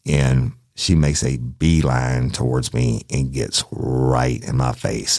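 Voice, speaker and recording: A man with an extremely low, gravelly voice tells a true crime story. He talks casually and profanely, speaking straight to his listeners. The sound is dry and close. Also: moderate pace, darkish tone, dry recording. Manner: profane, colloquial, addresses listeners directly.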